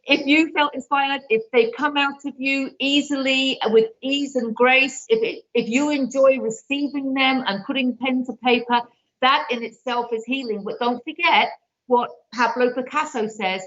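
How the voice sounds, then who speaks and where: In a dull lo-fi recording, a high-pitched woman with a steady, slightly bright tone speaks at normal speed during a live card reading. This card reader and author earnestly begs the viewer to trust herself, her emotions rising as she goes.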